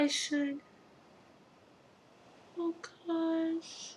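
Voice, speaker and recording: A woman's voice: mid-range voice, unhurried, pauses often, a little hiss or hum. A woman gamer doing let's play commentary, reacting emotionally with frequent exclamations and reading the game's text aloud.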